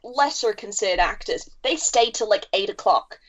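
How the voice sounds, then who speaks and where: A woman's voice: medium pitch, expressive, moderate pace, a bit bright. A woman co-hosting a podcast, telling stories in a chatty way and swearing freely. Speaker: podcast co-host. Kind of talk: casual podcast chat. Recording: dull lo-fi sound.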